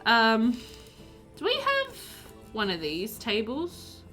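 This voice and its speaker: A woman's voice: on the high side, wildly swooping pitch, takes it slowly, sharp tone, soft background music. A woman chatting casually while streaming a game, reading chat aloud and laughing often.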